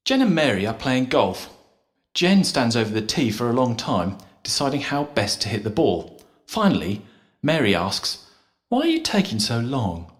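A man reading jokes and short stories slowly and clearly for learners. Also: medium pitch, big pitch swings. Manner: careful, deliberate. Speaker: storyteller.

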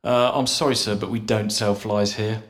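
A man's voice: steady tone, normal speed, lightly acted. A man voicing a polite, puzzled male pet shop assistant in a raised, eager voice. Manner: high, eager and formal.

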